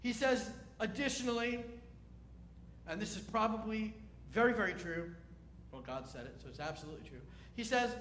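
A rabbi gives a sermon in a chatty, wry manner and keeps asking his listeners questions. His voice is high and lively. It echoes around the hall. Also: normal speed, a little hiss or hum.

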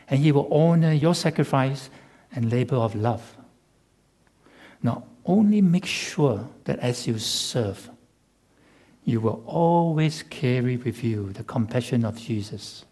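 A man preaching a sermon as pastor, measured and emphatic with rhetorical repetition. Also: mid-range voice, a little mellow, breathy edge.

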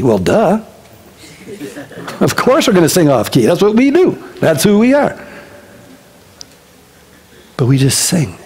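Animated, conversational male pastor preaching. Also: high-pitched, unhurried, long pauses. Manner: animated and conversational, with joking asides. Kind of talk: casual expository sermon. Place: church service before a congregation.

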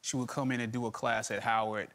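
A man telling a story as a chat show guest, relaxed and laughing easily. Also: mid-range voice, fast. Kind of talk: casual chat anecdote. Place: TV studio with audience.

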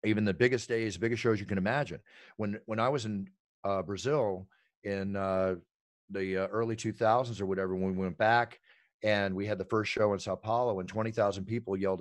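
A middle-aged man telling stories in an animated, emphatic way as an interview guest. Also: fairly low pitch, fairly quick, dry recording. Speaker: ring announcer and guest. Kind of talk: energetic interview talk.

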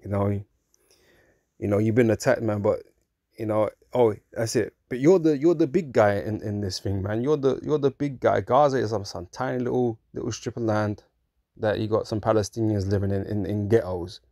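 A religious commentator delivers an informal preaching monologue conversationally, often asking "right?", chuckling through his points and mocking in put-on voices. His lowish, dark voice moves at a moderate pace in a clean studio recording with no echo.

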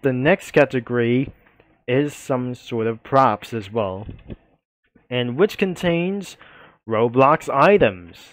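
A man giving halting voice-over commentary on a game, slowly reading out long lists of character names. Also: mid-range voice, animated, no echo. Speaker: game video narrator.

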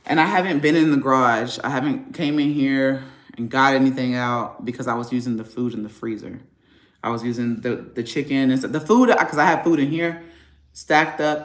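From his echoey garage at home, a family vlogger angrily vents in a casual, profane, rambling rant. His voice is medium-pitched and he talks at a moderate pace.

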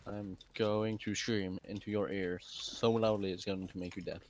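A man's voice: fairly low pitch, steady tone, normal speed, slight background noise. A young man streaming a game live, joking, flustered and laughing often. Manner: jokey, flustered, laughs a lot. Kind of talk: live gaming stream chat.

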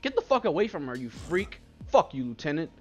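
A man's voice: fairly high pitch, sing-song, brisk, faint music behind. A young man commentating his own game play, trash-talking the characters with constant swearing. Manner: profane trash talk at the game. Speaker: gaming YouTuber.

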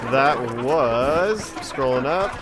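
A man co-hosting a live stream, reading out viewer comments in a relaxed, offhand way. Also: mid-range voice, drawn-out words, background noise. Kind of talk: casual live-stream chat.

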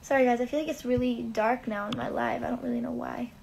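A woman's voice: on the high side, fast, creaky, noisy background. A young woman hosting a casual livestream, chatting to viewers, reading out their comments and answering them. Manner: chatty and relaxed between songs, singing to ukulele. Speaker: livestream host and singer. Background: her own ukulele playing.

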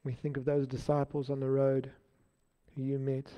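A man's voice: mid-range voice, completely flat delivery, normal speed. A man leading an earnest spoken prayer in church. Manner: earnest, devotional. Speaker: prayer leader. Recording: dull lo-fi sound with faint music.

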